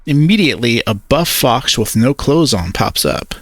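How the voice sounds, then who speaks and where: A man's voice: mid-range voice, very animated, moderate pace, no room sound. A man narrating a first-person story, hesitant and awkward in his character's lines.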